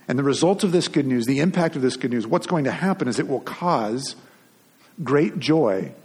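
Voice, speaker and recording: Pastor guy giving a sermon, kinda husky voice, chatty, lots of restarts. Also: medium pitch, a little mellow. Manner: conversational, with frequent restarts and repeated words.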